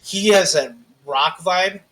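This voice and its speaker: A man co-hosting a podcast in casual chat, swearing freely and telling animated stories with acted-out quotes. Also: high-pitched, slow. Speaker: podcast co-host.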